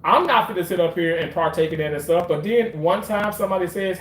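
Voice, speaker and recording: A man talking in a casual monologue about his work in surgery, animated, profane and emotional as he tells stories. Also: high-pitched, a little fast, few pauses. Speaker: surgical staff commentator. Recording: roomy echo.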